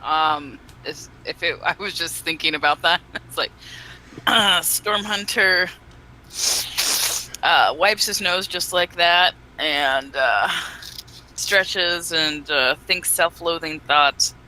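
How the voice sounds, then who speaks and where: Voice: medium pitch, slow pace, pushed and bright, slight background noise, rough recording. A tabletop game player in casual chat, hesitant and full of fillers.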